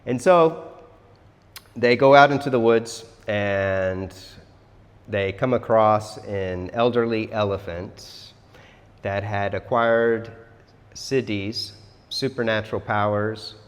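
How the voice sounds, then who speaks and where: A man telling a myth as a casual lesson in a chatty, relaxed way, often saying "like". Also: on the low side. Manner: chatty, relaxed, says "like" a lot. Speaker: yoga teacher. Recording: long hall reverb.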